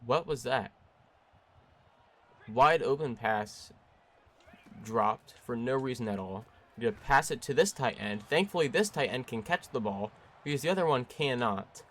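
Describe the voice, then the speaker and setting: A young man giving play-by-play commentary over his own video game, jumping between excited bursts and frustrated, flat stretches. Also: mid-range voice, moderate pace, long pauses. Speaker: gaming YouTuber.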